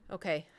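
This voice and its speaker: A woman's voice: mid-range voice, gravelly. Woman in her thirties, live streamer, rambling and chatty, laughs often, mid-range voice. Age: 30s. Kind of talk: casual chat to a live stream.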